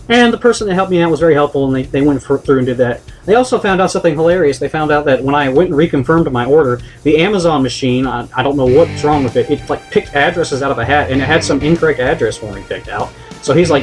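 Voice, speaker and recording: A man's voice: fairly high pitch, quick pace, few pauses, soft background music. A man ranting on a vlog, exasperated and profane, rambling with many restarts. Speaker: vlogger. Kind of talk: comedic rant vlog.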